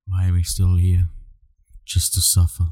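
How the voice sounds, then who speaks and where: A man's voice: deep voice, completely flat delivery, moderate pace, darkish tone. A young man co-hosting a podcast in casual chat, teasing his co-host with dry jokes and laughing often.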